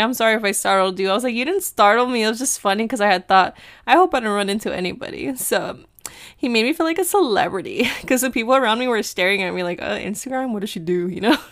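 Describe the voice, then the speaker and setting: A woman's voice: medium pitch, no echo, studio quality. A young woman vlogger telling a story in a casual, chatty way, laughing often and slipping Spanish phrases into her talk.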